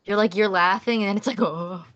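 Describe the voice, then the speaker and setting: A woman's voice: medium pitch, a little fast, a bit bright, dull audio. A young woman playing in a tabletop role-playing game, chatting casually and teasing the others. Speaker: player.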